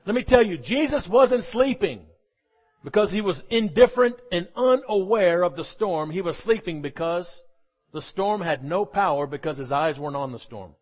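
This sermon comes from a man with a fairly high, widely swinging voice at normal speed, full of jokes, humorous asides, and acted-out quotes delivered with animation.

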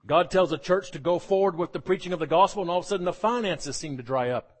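A man preaching a sermon, animated and jokey, often acting out the voices of the people he quotes. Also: high voice, fast talker. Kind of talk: sermon with humorous asides.

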